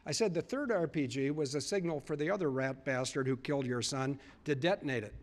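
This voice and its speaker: A mid-range male voice, a bit quick. Before a live audience, this public speaker tells a story, earnestly recounting what was said and repeating lines for emphasis.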